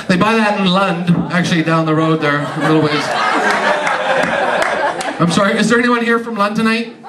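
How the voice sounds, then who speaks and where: High-voiced joking man on stage. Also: distant mic, over a noisy crowd, heavy background noise. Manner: joking, teasing the audience with quick asides. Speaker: comedy magician. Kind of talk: stand-up comedy magic show. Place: live show venue. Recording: roomy live stage sound from off-mic, loud audience. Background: audience laughing.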